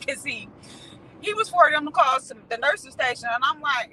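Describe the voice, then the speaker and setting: Woman vlogger, frank and salty casual chat, phone mic in a car, steady road noise under her voice. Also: high-pitched, moderate pace, poor audio. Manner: candid, swearing, laughing, colloquial. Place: in a car at night.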